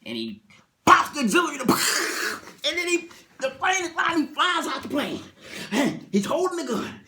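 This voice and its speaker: A man casually retelling a TV episode, animated, acting out scenes and laughing. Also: very high voice, moderate pace, slight background noise.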